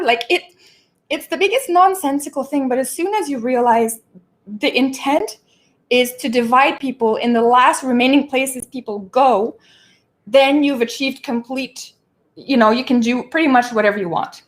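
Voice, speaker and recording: A woman hosting a casual livestream from her home, talking in an animated, exasperated way, often laughing and stopping to catch her breath. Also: high-pitched, moderate pace. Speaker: show host.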